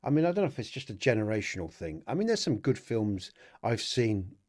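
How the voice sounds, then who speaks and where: A man's voice: on the low side, sing-song, fairly quick, a little mellow. A middle-aged man hosting a casual livestream podcast, rambling and chatty, laughing often and talking to viewers in the chat. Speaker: podcast host.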